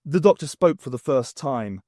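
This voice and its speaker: A man reading a novel aloud, unabridged, with a wry, expressive delivery. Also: medium pitch, moderate pace, no room sound, clean studio sound. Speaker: audiobook reader.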